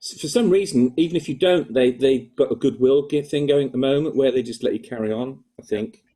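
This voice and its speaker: A man's voice: medium pitch, fairly quick, mellow. An older man with an English accent, chatting casually with other poets on a video call. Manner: chatty, with frequent restarts.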